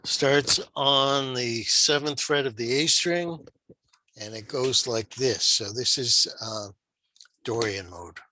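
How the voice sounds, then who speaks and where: A man's voice: mid-range voice, slow pace, sharp tone, slight background noise, poor audio. A man teaching guitar modes in a screen-shared lesson, patient and explanatory, asking the viewer rhetorical questions.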